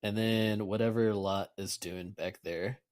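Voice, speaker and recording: A man voicing an excitable, chatty male angelic emissary in a tabletop game. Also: fairly low pitch, a little slow, natural voice. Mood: eager.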